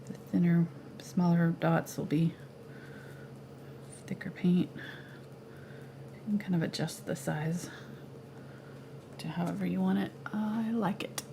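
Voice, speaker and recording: A woman teaching a live painting lesson at home, chatty and relaxed, coughing as she loses her voice. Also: lowish voice, measured pace, vocal fry, long pauses, noisy background. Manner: relaxed, chatty, laughs easily. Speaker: painting instructor. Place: home art studio.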